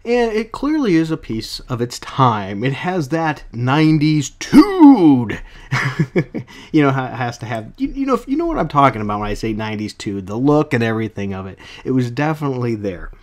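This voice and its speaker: A man talking through a comic book review in a loose, casual vlog. His pitch moves around a lot. He rambles, stops to correct himself, and fills gaps with filler words. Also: big pitch swings, fast, few pauses.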